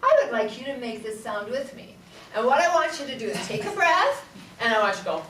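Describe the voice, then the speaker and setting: A woman's voice: high-pitched, very animated, a little slow, distant mic. A woman singing teacher leading a voice workshop for a live audience, playful, laughing often and demonstrating sung vowel sounds. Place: large room with an audience. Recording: roomy echo, voice from off-mic, audible room noise.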